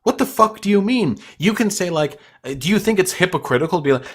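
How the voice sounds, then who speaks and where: A man's voice: high voice, animated, fast talker, hardly any pauses, a bit bright. A young man hosting a livestream, ranting at his chat in a profane, combative and mocking way. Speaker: livestream host.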